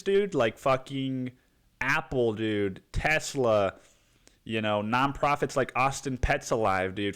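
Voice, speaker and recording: Slow-talking, sniffly young male podcaster. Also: mid-range voice, a bit bright, clear, resonant tone. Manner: rambling, profane, slangy. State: sniffly with a cold. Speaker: podcast host. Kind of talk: casual podcast monologue.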